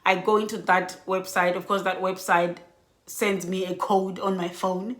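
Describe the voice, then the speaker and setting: A woman telling an emotional storytime vlog, sounding worn out and animated by turns. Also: on the low side, a little slow. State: exhausted. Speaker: vlogger. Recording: echoey room.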